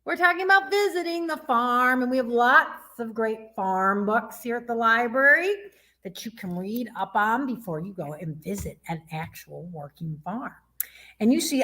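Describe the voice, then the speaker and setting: A woman's voice: fairly high pitch, lively intonation, a little slow, sharp tone. A woman youth librarian from Michigan leading a children's story time in a sing-song way. She asks her young listeners questions and imitates animal sounds.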